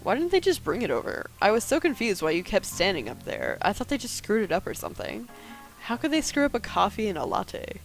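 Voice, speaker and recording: A breezy, chatty woman in her thirties, read by a woman playing through a game. She talks in a bright, easygoing way with a mid-range voice, over faint background music. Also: mid-range voice, big pitch swings, a little fast.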